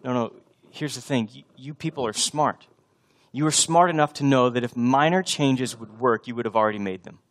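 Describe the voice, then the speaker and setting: A man's voice: mid-range voice, moderate pace. Conversational preacher man in his thirties. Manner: conversational preaching that builds to emphatic repetition. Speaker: pastor. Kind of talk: sermon.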